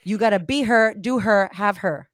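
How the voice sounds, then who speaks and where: A woman's voice: mid-range voice, moderate pace, no room sound, clean studio sound. A woman in her thirties, a coach and author of Puerto Rican heritage, chatting on a podcast in an emphatic, profane, motivational way. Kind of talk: casual podcast chat.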